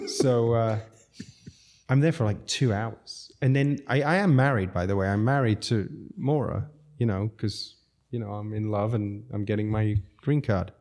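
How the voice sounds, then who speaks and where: Mellow-voiced man telling stories, laughing. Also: fairly low pitch, a little slow. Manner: laughs through lively anecdotes. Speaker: restaurateur podcast guest. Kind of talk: casual storytelling.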